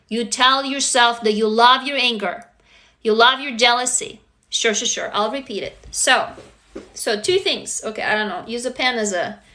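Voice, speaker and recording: Bright high-voiced woman coaching live viewers. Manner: coaching, asks viewers questions, swears casually. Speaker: live-stream host. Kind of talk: casual self-help talk to live viewers.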